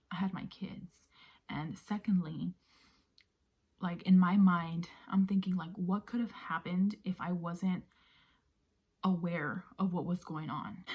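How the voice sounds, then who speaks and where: A woman vlogger casually telling a personal story, often sinking into a breathy near-whisper, with many fillers. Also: on the low side, mellow. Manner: conversational with many fillers like "you know".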